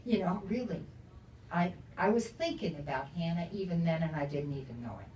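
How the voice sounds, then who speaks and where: A woman's voice: sits low, lively intonation, normal speed, darkish tone, highs cut off, slight background noise. Older woman author chatting in a roomy store. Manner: chatty, laughs often. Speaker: author at a book talk. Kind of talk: casual storytelling to an audience. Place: bookstore event room. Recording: roomy, from a distance, faint ambience.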